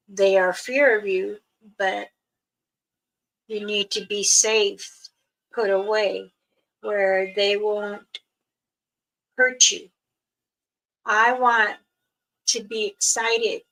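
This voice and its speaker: An older woman, a spiritual elder, talking casually to her viewers in a slow, soft, halting way with many pauses. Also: mid-range voice, gravelly, rough recording. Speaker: spiritual elder and channel host.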